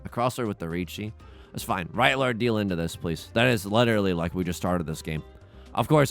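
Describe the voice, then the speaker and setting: A young let's play host commentates on his own game casually, with drama and self-mockery. His pitch jumps constantly from hushed mutters to loud cries, and soft music plays underneath.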